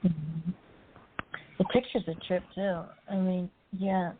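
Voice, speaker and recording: A woman's voice: on the low side, steady tone, takes it slowly, background noise. Chatty woman host on a tinny line. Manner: laughs often, chatty and teasing. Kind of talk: casual chat. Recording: tinny phone-like online audio.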